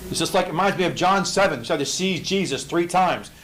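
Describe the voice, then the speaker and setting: A man's voice: fast talker, hardly any pauses, low-quality recording. Emphatic man teaching Bible study. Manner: emphatic, rhetorical questions, swings from low to loud.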